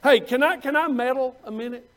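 A preacher with a strikingly high voice, talking to his congregation in a loose, folksy way. He drops low and casual, then swells into loud, emphatic bursts. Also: a little fast. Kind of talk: sermon.

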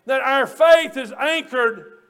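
Man preaching, very high-pitched voice, fervent, hollers at times, repeats phrases for emphasis. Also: slow pace, a bit bright, clear, resonant tone. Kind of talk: sermon.

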